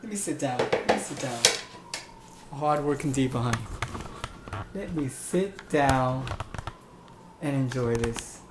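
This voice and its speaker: A man's voice: mid-range voice, measured pace, pauses often, roomy sound, very noisy, close to an everyday voice. A man voicing a flamboyant drag diva who hosts a home cooking show, theatrical and gushing, calling everyone honey and darling. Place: home kitchen.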